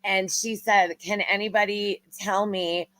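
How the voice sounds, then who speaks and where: A woman's voice: medium pitch, fairly even intonation, unhurried, fairly bright tone, dry recording, rough recording. A middle-aged woman in casual chat, rambling and thinking aloud. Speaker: podcast host.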